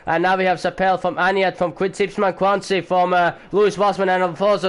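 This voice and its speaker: A man doing amateur commentary on a sim race at home, excitable at times, swearing now and then, and keeping his voice down for the neighbours. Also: high voice, moderate pace, few pauses, smooth. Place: home room.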